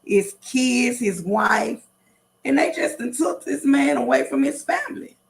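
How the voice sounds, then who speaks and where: A middle-aged woman with a gravelly, creaky voice chats on a casual livestream. She talks straight to her viewers, repeating her points with emphasis. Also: sits high, expressive, a little slow. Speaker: livestream host.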